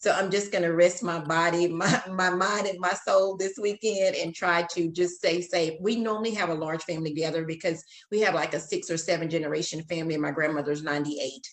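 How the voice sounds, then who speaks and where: A woman's voice: fairly low pitch, steady tone, a little fast, few pauses, roomy sound. A middle-aged woman speaking as a guest in a casual panel discussion, in a conversational way.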